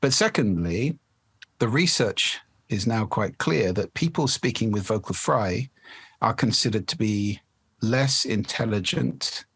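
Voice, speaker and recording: A man's voice: on the low side, animated, measured pace, a bit bright, breathy edge, dry recording. A man, a voice expert explaining speaking habits in a podcast interview. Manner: articulate, explanatory, demonstrates voice effects.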